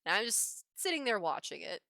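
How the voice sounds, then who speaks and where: This woman has a creaky, medium-pitched voice and talks fairly quickly while livestreaming her digital drawing at home. Her casual story is animated, broken up by frequent laughs between phrases, and the studio-quality audio has no echo.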